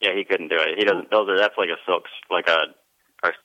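A man's voice: low-pitched, fairly even intonation, a little fast, bright, forceful tone, no room sound. A man recapping past episodes of a podcast in a matter-of-fact way, on a slightly muffled recording. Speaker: co-host recapping past shows. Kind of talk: casual show recap.

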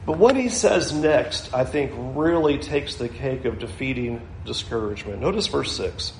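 A man preaching a sermon in an earnest, reflective way, sometimes chuckling softly as he explains scripture. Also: medium pitch, expressive, normal speed, few pauses, slight background noise. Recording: echoey room.

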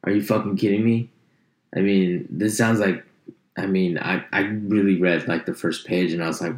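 A deep-voiced man rants for laughs, swearing nonstop and jumping into sharp mocking tones. His voice sounds low and heavy, and it bounces around an echoey room. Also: a little slow, long pauses. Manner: animated, swears constantly, jumps into high mock voices. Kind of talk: profane comedic rant.

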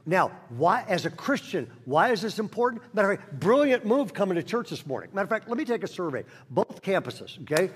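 A man's voice: sits high, very animated, fairly quick, few pauses, slightly rough. A man preaching a sermon to a church congregation, telling a story and acting out the voices of its characters. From Northern California. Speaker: guest pastor. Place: large church auditorium. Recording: church hall reverb.

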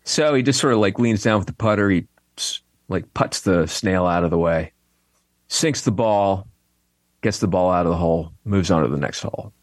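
A middle-aged man, a comedian, telling jokes in casual chat, animated and laughing at his own punchlines. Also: low-pitched, moderate pace, no room sound, studio quality. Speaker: comedian guest.

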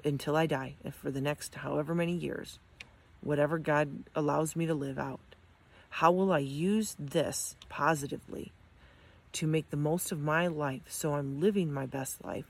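A woman's voice: sits low, slightly rough. Earnest encouraging middle-aged woman. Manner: earnest, encouraging, with frequent ums and restarts. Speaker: amputee sharing her experience. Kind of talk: heartfelt motivational talk to camera.

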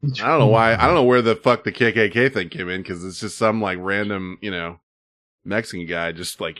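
A man's voice: fairly low pitch, a little fast, fairly bright tone. A man hosting a podcast in casual chat, laughing often and talking loosely and profanely. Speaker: podcast host. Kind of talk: casual chat about viral videos.

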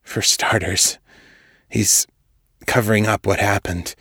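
A man voicing a frail, sickly young man who rasps and whispers in short, halting, strained phrases. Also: on the low side, steady tone, sharp tone, no echo, clean studio sound, heavily acted. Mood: weak. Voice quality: raspy, breathy whisper. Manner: strained, halting, forced through the teeth.

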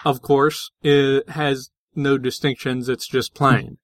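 A man's voice: medium pitch, little pitch movement, slow, dry recording. A man co-hosting a podcast, explaining linguistics in a casual, hesitant way with many fillers and restarts. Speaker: podcast co-host.

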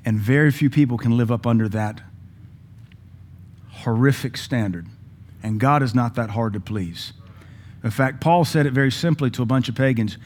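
A man's voice: medium pitch, moderate pace, pauses often, darkish tone, slight background noise. A male pastor, preaching a sermon in a conversational, folksy way with asides to the congregation. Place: church.

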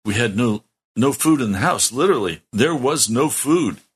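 A man's voice: medium pitch, expressive, normal speed, breathy edge. A middle-aged man, a pastor, telling his testimony in a sermon, earnest and heartfelt with strong emphasis.

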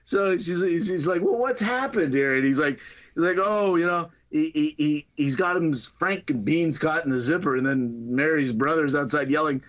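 A man retells a funny movie scene during a casual podcast chat, laughing often and acting out the lines in different voices. He's a co-host whose fairly bright voice is a little high and runs at a normal speed.

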